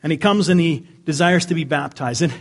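A man preaching a sermon as pastor, animated, swinging from near-yelling down to quiet asides. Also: on the high side, brisk. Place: church sanctuary.

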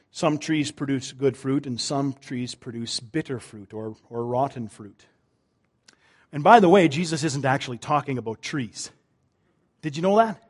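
Animated male pastor preaching a sermon. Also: on the high side. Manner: animated preaching, swinging from loud emphasis to quiet, drawn-out lines.

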